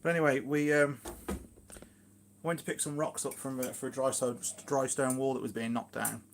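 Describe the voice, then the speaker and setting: A man's voice: medium pitch, steady tone, moderate pace, slight background noise. Rambling chatty Shropshire man. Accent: Shropshire English. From England, Shropshire. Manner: rambling, chatty, many fillers and asides. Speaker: gardening vlogger, live streamer. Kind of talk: casual live-stream chat. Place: at home in his kitchen.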